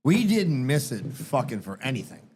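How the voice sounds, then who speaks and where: A man hosting a casual podcast, chatting in a relaxed, profane way. He is recorded in a garage. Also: medium pitch, normal speed, a little hiss or hum. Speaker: podcast host.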